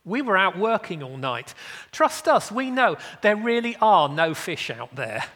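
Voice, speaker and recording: A man's voice: high voice, very animated, measured pace, fairly bright tone, exaggerated voice. Guy putting on a fed up fisherman, sarcastic but polite, echoey hall. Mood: exasperated. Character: irritated middle-aged male fisherman, mildly sarcastic.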